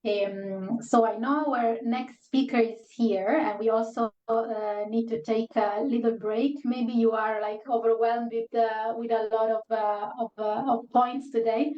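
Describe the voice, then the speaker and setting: A woman's voice: a little high, little pitch movement, measured pace, few pauses, dark tone. A woman hosting an online workshop, talking casually and rambling through filler words over a video call. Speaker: workshop host. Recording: roomy, dull lo-fi call audio.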